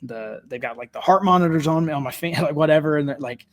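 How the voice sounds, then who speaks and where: A middle-aged man, a podcast guest, telling a story in a casual, animated way, laughing often and filling with "like" and "you know". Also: fairly high pitch, quick pace.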